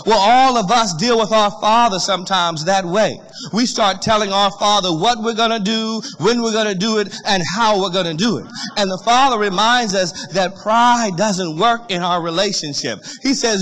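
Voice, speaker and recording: High, bright-voiced man preaching. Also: normal speed, rough recording. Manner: animated, repeats words, calls on the congregation. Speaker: pastor. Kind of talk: sermon.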